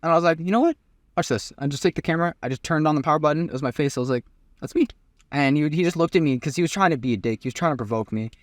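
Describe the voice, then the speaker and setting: A man's voice: a little high, racing, few pauses, no echo, studio quality. A young man hosting a casual chat, giving rambling, hyped motivational talk with plenty of swearing. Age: young adult. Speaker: host.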